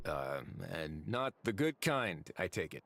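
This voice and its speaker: A man's voice: sits low, big pitch swings, slow pace, fairly bright tone, no echo, heavily acted. An actor voicing a wry, laid-back male prison warden in a video game, speaking in a dry, amused drawl. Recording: game audio over music.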